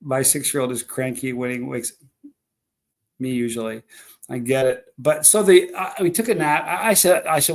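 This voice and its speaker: A man's voice: mid-range voice, normal speed. A man hosting a live stream, rambling through stories and chatting with viewers. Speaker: livestream host. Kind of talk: casual live stream chat.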